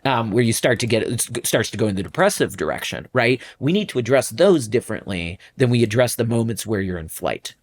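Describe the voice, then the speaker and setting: A man's voice: medium pitch, expressive, fairly quick, hardly any pauses. A man hosting a podcast as a coach, explaining patterns step by step and often checking in with "right?". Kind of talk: coaching conversation.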